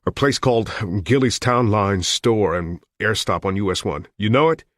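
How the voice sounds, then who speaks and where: A male narrator voicing an excitable, businesslike male newsroom man who gets loud and high. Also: normal speed, no room sound, clean studio sound. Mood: excited.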